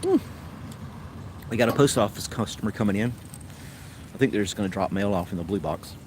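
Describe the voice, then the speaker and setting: A man's voice: on the low side, brisk, noisy background. A man with a Tennessee accent hosting a casual livestream chat, rambling along in an easygoing way. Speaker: host.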